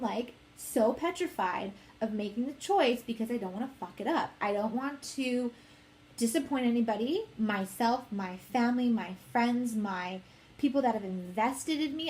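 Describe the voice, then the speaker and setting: A young woman in her late twenties thinks out loud in a loose, unscripted monologue. Her voice sits a little high, and she rambles candidly, slipping quoted exchanges into her own talk. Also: slight background noise. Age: 20s. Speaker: host.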